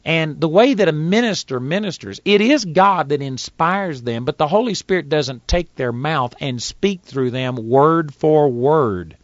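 A man's voice: fairly high pitch, lively intonation, unhurried, few pauses, no room sound, highs cut off. A man with a Texas accent, teaching from the Bible in a folksy, plainspoken sermon and reading scripture aloud. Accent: Texan. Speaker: preacher.

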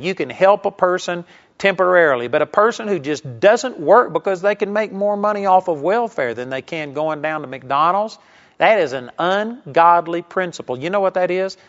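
A man's voice: a little high, a bit bright. Emphatic male preacher, muffled sound. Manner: emphatic, repetitive preaching cadence. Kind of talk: radio sermon.

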